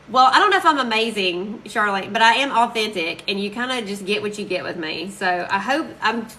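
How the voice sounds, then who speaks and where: A woman's voice: mid-range voice, expressive, bright, forceful tone, slight background noise, low-quality recording. A woman chatting casually and gushing to viewers while crafting on a live stream. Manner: chatty, gushing, quick to laugh.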